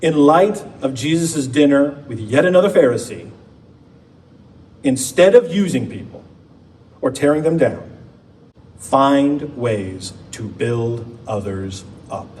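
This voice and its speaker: A man's voice: mid-range voice, animated, a little mellow. Man preaching a playful conversational sermon. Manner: conversational preaching with dramatic slowdowns and playful asides. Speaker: pastor. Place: church sanctuary. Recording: distant mic with faint background noise.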